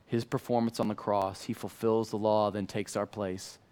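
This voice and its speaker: Speaking at a normal speed with a fairly low voice, a middle-aged pastor preaches in a church. He keeps things conversational and lively, alternating between booming and quiet moments.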